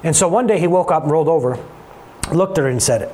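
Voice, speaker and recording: A man preaching a sermon in an animated, conversational way, talking straight to his congregation. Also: a little high, quick pace, slight background noise. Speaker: pastor.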